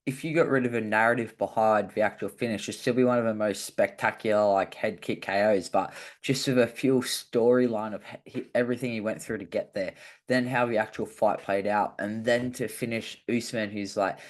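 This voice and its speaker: A man's voice: fairly low pitch, steady tone, brisk. A man chats casually as a fighter guest. He rambles loosely and leans on "like" as a filler, stringing loose thoughts together. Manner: rambling, heavy use of "like" fillers. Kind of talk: casual chat.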